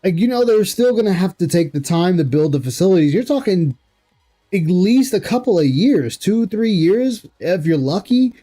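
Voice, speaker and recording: A man's voice: sits high, expressive, moderate pace, warm tone, soft background music. A man hosting a livestream, reacting to an interview and greeting chat, rambling and incredulous with frequent laughs. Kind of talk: casual commentary reading chat.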